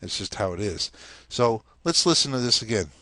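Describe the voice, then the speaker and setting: A man's voice: on the low side, big pitch swings, moderate pace, bright, forceful tone, no echo. A man teaching a language lesson in a casual spoken style, explaining step by step and checking in often with "okay?".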